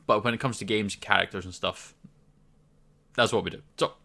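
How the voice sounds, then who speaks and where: A man's voice: on the low side, fairly even intonation, fairly quick, vocal fry, pushed and bright. A Scottish man from Scotland hosting a casual gaming video, chatting loosely with frequent ums and restarts. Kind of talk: casual game commentary to camera.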